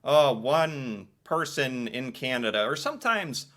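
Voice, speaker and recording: American man, reaction commentary, bright voice, pitch jumping all over, playful and excited. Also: measured pace. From United States. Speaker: reaction video creator.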